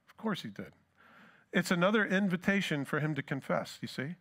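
A man's voice: sits high, expressive, brisk, fairly bright tone. Man preaching with rhetorical questions. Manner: asks the congregation rhetorical questions; acts out scripture dialogue within the sermon. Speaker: pastor. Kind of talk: sermon.

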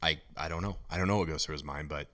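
A man's voice: very deep voice, fast, sharp tone. A man who is a regular podcast guest, chatting casually and telling stories with dry, emphatic remarks. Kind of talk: casual chat.

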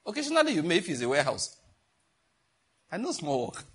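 Husky man preaching. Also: a little high, wildly swooping pitch, a little fast, a bit bright. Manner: conversational, jokey, asks the congregation questions. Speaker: pastor. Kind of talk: teaching sermon.

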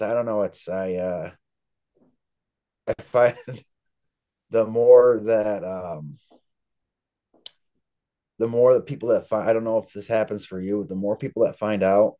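This interviewed author has a lowish voice with a dark tone. In the casual chat he spins long, rambling stories, chatty the whole way through.

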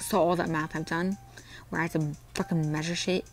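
A woman's voice: sits low, level tone, a little fast, poor audio. A woman playing through a visual novel, reading it aloud with sarcastic, profane asides. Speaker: let's play host.

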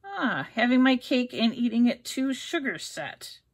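A woman's voice: fairly high pitch, very animated, measured pace. A middle-aged woman chatting casually as she unboxes beauty products, reading labels aloud and stumbling over ingredient names. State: hiccups. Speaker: unboxing vlogger.

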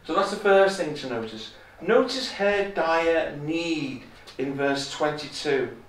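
Male preacher, emphatic and repetitive, slightly high voice, distant mic in a roomy chapel. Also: a little hiss or hum. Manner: emphatic, repeats key phrases, quotes scripture in a raised voice. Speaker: visiting preacher. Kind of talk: sermon. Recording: echoey chapel, from far off.

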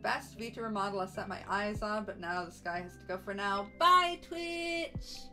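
A young VTuber streams from home, chatting casually with viewers in a bubbly, chatty way and cooing baby talk to her dogs. Her mid-range voice is a bit bright, fairly quick and fairly even in intonation. The recording is rough, with soft music in the background.

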